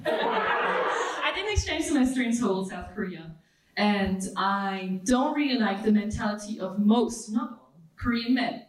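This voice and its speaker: A young woman from Switzerland, a guest on a live comedy podcast, playful and laughing with quick comebacks. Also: medium pitch, expressive, far from the mic, slight background noise. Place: comedy club stage before a live audience. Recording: roomy stage, mic held off.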